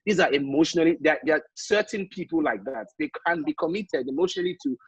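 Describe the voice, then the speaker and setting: Nigerian male host, playful and teasing, husky, dry close sound. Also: a little high, fast, no echo, lo-fi sound. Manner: playful, teasing, hesitant with fillers. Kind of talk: casual panel discussion. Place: online live show.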